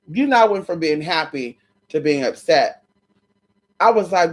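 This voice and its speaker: A woman telling a story in a casual vlog, sassy and animated, with heavy swearing. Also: low voice, brisk. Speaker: vlogger.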